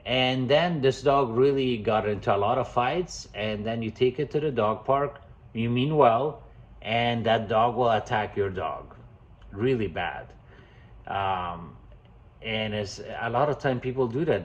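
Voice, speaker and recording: A man's voice: medium pitch, measured pace. Emphatic male dog trainer, lo-fi sound. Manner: emphatic, keeps addressing viewers as "guys". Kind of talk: casual instructional talk. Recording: dull lo-fi sound.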